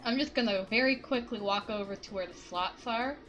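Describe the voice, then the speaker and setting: A woman takes her turn in a tabletop game with a bright, crisp tone. She describes her moves quickly and playfully over faint music. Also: a little high, muffled recording. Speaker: player. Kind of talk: casual tabletop play.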